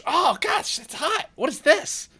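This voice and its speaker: A woman voicing a giddy, wide-eyed young boy who is eager and full of excited questions. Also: medium pitch, normal speed, voice pushed up, exaggerated voice.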